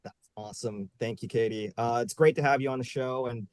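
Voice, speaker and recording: A man's voice: medium pitch, brisk, dry recording. A man hosting a live online panel show, upbeat and joking, with many fillers. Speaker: host. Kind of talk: casual live panel chat.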